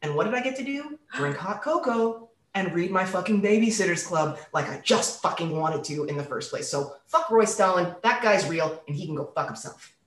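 A woman telling a comic story in a casual, animated way, swearing freely and acting out the voices of people she quotes. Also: lowish voice, moderate pace, hardly any pauses. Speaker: storyteller on a podcast. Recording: roomy echo.

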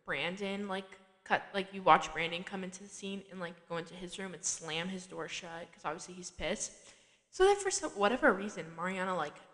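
Woman podcaster rambling through an episode recap, lots of "like"s, mid pitch, echoey. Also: fairly bright tone. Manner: chatty, filler-heavy, frequent asides. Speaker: podcast host. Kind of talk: casual chat recapping a TV episode.

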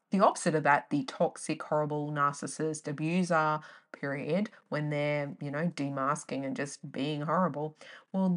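A young woman hosting a casual solo podcast, rambling off on tangents with loud bursts of exclamation. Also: sits low. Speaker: podcast host.

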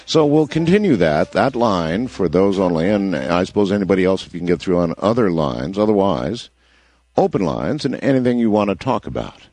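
Very deep-voiced radio host, lively delivery. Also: male voice, fairly quick, no room sound. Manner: relaxed, conversational, with affirming interjections. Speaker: radio talk show host. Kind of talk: late-night call-in radio hosting.

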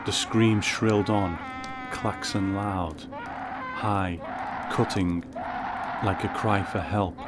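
A man narrating a first-person story in a measured, wry way. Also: low-pitched, fairly even intonation, heavy background noise.

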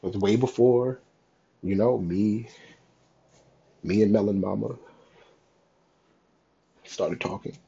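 A young man talking in a raw, halting, emotional confessional monologue, cursing often. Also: lowish voice, gravelly, dark tone, husky. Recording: dull lo-fi sound.

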